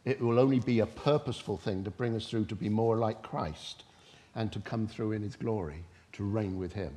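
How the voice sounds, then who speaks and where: A man's voice: fairly low pitch, moderate pace. Impassioned preacher man without notes. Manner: impassioned, rising to loud emphatic bursts then dropping soft; speaks without notes, retelling scripture with voiced quotes. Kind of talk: sermon.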